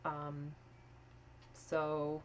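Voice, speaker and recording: A young woman coaching a live voice training lesson in a casual, chatty way, swearing freely and demonstrating breathy and pinched sounds. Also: deep voice, monotone, drawn-out words.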